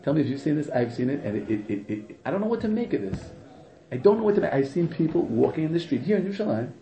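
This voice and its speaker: A man teaching a class in an animated, rhetorical way, often asking "right?" and laughing, recorded in an echoey room with dull, lo-fi sound. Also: on the high side, fast, slight background noise. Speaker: religious teacher. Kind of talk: informal classroom lecture.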